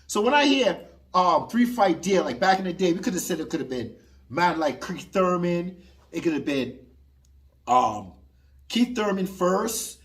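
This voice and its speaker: Lively, emphatic man talking boxing. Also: high-pitched, unhurried. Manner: animated, emphatic, argues with an imagined listener. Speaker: boxing commentator. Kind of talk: opinionated commentary.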